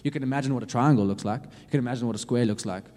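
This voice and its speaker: A man preaching a sermon, earnestly urging his listeners with lots of repetition, swinging from loud to hushed. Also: medium pitch, rapid-fire. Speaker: youth preacher. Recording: long reverb of a hall.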